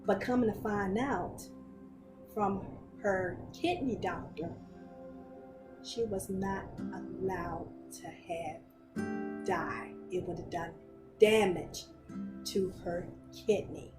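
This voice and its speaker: A woman retells what happened to her friend in a podcast interview, taking her time over each phrase. Her voice sits at a middle pitch and sounds roomy and echoey. Music plays clearly behind her. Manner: slow, steady retelling. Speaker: friend of the guest.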